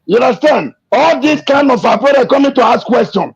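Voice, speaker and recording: A man giving an emotional, impassioned political rant, repeating himself and shouting in anger. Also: very high-pitched, lively intonation, normal speed, creaky, breathy edge. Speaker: activist speaking to an interviewer. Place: abroad. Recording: dull lo-fi recording.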